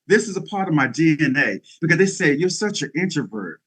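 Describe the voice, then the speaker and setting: A man's voice: on the high side, big pitch swings, a little fast, a bit bright, breathy edge. A middle-aged man giving an interview as a guest speaker, talking in an emphatic, preacherly way with bursts of energy. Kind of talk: motivational interview talk.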